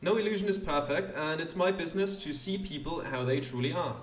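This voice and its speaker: A refined one-eyed lady portrait painter, voiced by a man raising his voice, speaking in a genteel, formal and faintly flirtatious way. Her voice sits high and carries a roomy echo, as if the mic were some distance off. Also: fairly quick, close to an everyday voice. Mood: composed.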